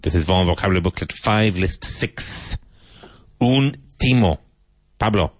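Deep-voiced male teacher running drills. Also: lively intonation, no echo. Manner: brisk, encouraging drill patter. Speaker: English teacher. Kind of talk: classroom vocabulary drill.

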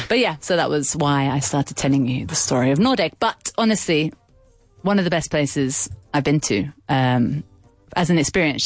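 A woman's voice: deep voice, dry recording. A woman radio host chatting casually, telling a long rambling story full of fillers and asides. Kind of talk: casual chat. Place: radio studio.

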